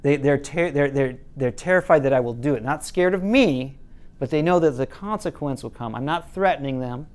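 A man's voice: expressive, moderate pace, darkish tone. A middle-aged man teaching a parenting class, telling a story with quoted lines in a casual way. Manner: casual, quotes parents and kids in lowered voices, some restarts.

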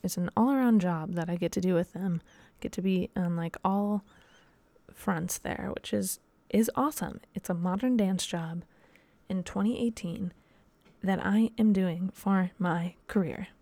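A woman's voice: lowish voice, measured pace, warm tone, no room sound. A young woman hosting a casual solo podcast, talking in a rambling, chatty way with lots of fillers. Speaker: podcast host and dance teacher.

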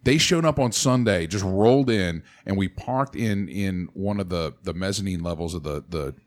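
A man's voice: low voice, normal speed. A man telling a story in casual podcast chat, laughing often and acting out the voices of the people in it. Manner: animated storyteller, laughs often, acts out quotes.

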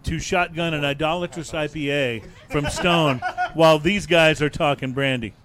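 A man's voice: on the high side, moderate pace, crowd noise. A man hosting a casual talk show about drinks, wrapping up and opening segments. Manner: relaxed, steers segments. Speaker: host. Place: studio with several guests.

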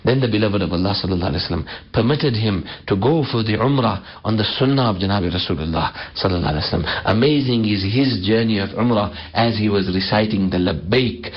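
A man giving a sermon, chanting Arabic phrases slowly between quicker explanations. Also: on the low side. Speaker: preacher. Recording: slightly dull lo-fi audio.

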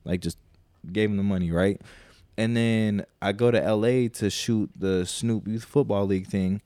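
A man's voice: lowish voice, steady tone, normal speed, warm tone, dry recording. A man co-hosting a podcast, telling a long, profane story in a casual, rambling way and quoting people as he goes. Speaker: podcast co-host.

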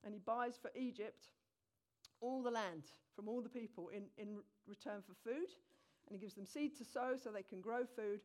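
A woman delivers a sermon, recounting a scripture story in a lively, conversational manner and speaking straight to the congregation. Her voice is a little high and moves at a normal speed.

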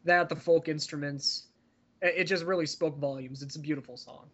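A man's voice: on the high side, fairly even intonation, brisk, fairly bright tone, husky, muffled recording. A man guesting on a music podcast in casual chat. He is enthusiastic and jokey, exaggerating for laughs.

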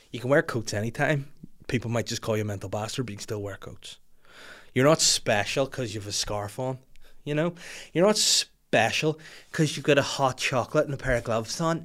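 A man's voice: medium pitch, a little fast. Sweary Northern Irish man ranting. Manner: sweary, exasperated, shouty outbursts. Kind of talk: comedic rant.

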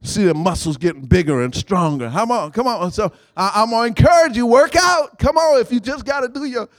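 Man preaching, high voice swooping all over, call and response stuff, dry close sound. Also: a little fast, dry recording. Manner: call-and-response, prompting the congregation with "what?"; animated, rising to shouts. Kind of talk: sermon.

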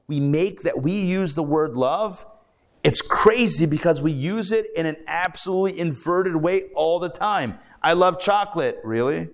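A rabbi teaching a live class, telling stories in a lively, animated way with playful asides. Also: male voice, on the high side, normal speed.

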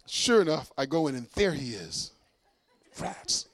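A middle-aged man giving a sermon testimony as a preacher and singer, telling a story in a lively way, acting out dialogue with self-mocking humor. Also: a little high, a little slow, no echo.

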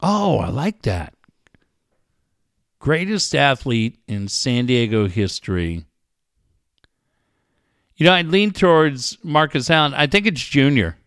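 A man's voice: mid-range voice, sing-song, slow pace, pauses often, fairly bright tone, smooth, no echo, studio quality. A man co-hosting a casual podcast, guessing aloud and swearing often in loose banter. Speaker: co-host.

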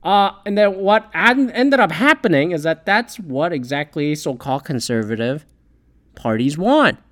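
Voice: medium pitch, expressive, normal speed, fairly bright tone. Foul-mouthed rambling political ranter. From Canada. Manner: heavy swearing, rambling, sarcastic. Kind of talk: profane political rant.

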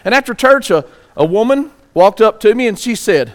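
High-voiced preaching man. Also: animated. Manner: preaching with rhetorical questions; reads scripture aloud slowly. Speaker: pastor. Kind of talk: sermon.

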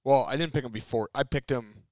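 Energetic talkative podcast host. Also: male voice, mid-range voice, fairly quick, no room sound, clean studio sound. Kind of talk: casual podcast chat.

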